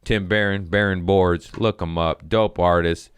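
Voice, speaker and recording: A low-pitched, smooth male voice speaks unhurriedly in a recording with no room sound. Hosting a comedy podcast, he rants profanely and acts out voices in a casual comedic style. He sounds animated.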